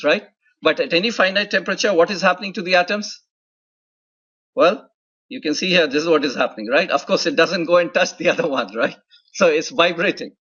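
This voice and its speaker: A male university lecturer with a slightly raised, husky voice walks through ideas step by step. He keeps checking in with quick "right?" and "okay?" tags. The recording sounds dull and lo-fi. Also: a little high, sharp tone. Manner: explanatory, often adds "right?" and "okay?" checks. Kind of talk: classroom lecture.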